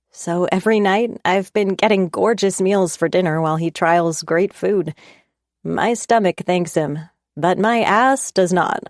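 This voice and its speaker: A woman's voice: lowish voice, a little mellow, no echo. A woman narrating a first-person romance audiobook in an intimate, conversational way on a close studio mic.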